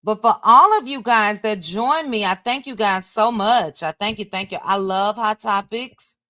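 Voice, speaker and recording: A woman chatting on a livestream in an unhurried, laid-back way, talking straight to her viewers as she reads things aloud. Her voice sits in a middle range and sounds close and dry. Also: mid-range voice, bright, forceful tone, dry recording. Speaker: livestream host. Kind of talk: casual livestream chat.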